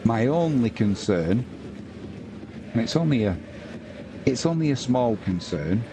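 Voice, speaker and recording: A man's voice: medium pitch, very animated, measured pace, background noise. A man hosting a live football watch-along, commentating and chatting casually with viewers. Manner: chatty, talks to viewers and reads out chat messages.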